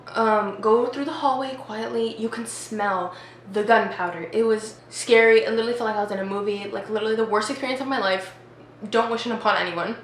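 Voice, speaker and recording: A young adult woman telling a casual storytime as a vlogger. She talks in a chatty way and says "like" a lot. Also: on the high side. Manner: chatty, heavy use of "like". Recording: echoey room with faint noise.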